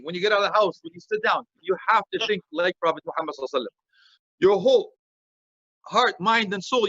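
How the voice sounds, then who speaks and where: A middle-aged man giving a lively sermon, joking and dropping in phrases. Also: high-pitched, no room sound, dull audio. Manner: animated, joking, mixes Arabic phrases. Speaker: Islamic preacher.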